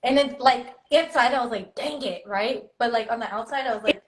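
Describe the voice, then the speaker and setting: A young woman chatting casually as a guest, telling animated stories and slipping between English and Spanish. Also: fairly high pitch, a little fast, poor audio. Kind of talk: casual chat.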